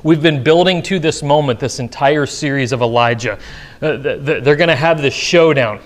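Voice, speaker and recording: High-voiced man preaching in a church. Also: normal speed. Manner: reads scripture aloud then explains it emphatically. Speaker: pastor. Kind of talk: sermon with scripture reading. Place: church sanctuary.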